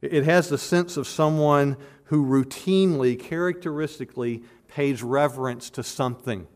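A man's voice: on the high side, moderate pace. A man preaching an expository sermon, earnest and emphatic, often restarting and repeating words as he builds to a point. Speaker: pastor.

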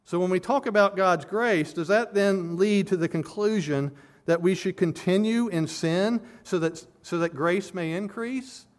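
Male preacher, earnest expository delivery with emphatic swells; voice sits a little high. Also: measured pace. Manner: earnest, builds to emphatic peaks. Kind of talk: expository sermon.

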